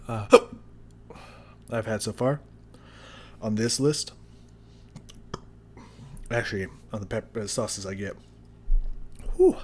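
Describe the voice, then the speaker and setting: A man vlogging a hot sauce tasting to his viewers, talking casually and haltingly as he describes the burn. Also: on the low side. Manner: talks through the burn, halting and drawn out. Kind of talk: casual chat to camera. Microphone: new studio mic.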